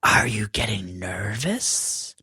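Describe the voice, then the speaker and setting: A man voicing a nervous, sneaky whispering witch in a hushed storybook voice. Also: on the low side, animated, slow, breathy edge, no echo, clean studio sound, pitched below the performer's own voice, heavily acted.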